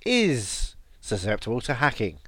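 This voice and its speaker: A man's voice: medium pitch, huge pitch swings, a little slow, a bit bright, husky. A man co-hosting a podcast, chatting casually and sarcastically, laughing often. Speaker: podcast co-host. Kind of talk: casual comedic chat.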